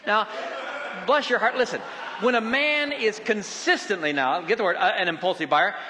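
A middle-aged man preaching a sermon in a folksy, animated, joking way. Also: sits high, moderate pace, in a large hall, noisy background.

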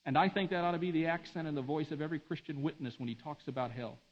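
A man preaching a sermon, swinging between hushed, slow passages and emphatic, rising delivery. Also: on the high side. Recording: dull lo-fi recording.

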